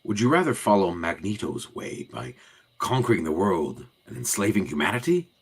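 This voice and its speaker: A man's voice: low voice, sing-song, moderate pace, vocal fry, husky, exaggerated voice. A man reading as a stern old headmaster. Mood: questioning. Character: stern older male mentor and headmaster.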